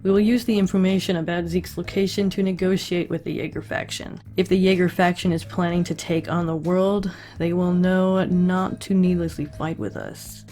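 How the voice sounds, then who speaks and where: A grave old army commander speaks in a measured, hushed way, as a woman reads his lines aloud. The voice sits low and even. A soft guitar plays faintly underneath. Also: lightly acted. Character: old male military commander, calm and grave.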